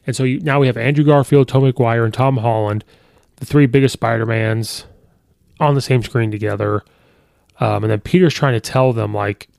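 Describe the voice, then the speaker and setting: Podcast guy rambling through a movie recap, gravelly voice, dry close sound. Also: mid-range voice, steady tone, normal speed, a little mellow, dry recording. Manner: rambling, many fillers and restarts. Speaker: podcast host. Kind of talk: casual movie review monologue.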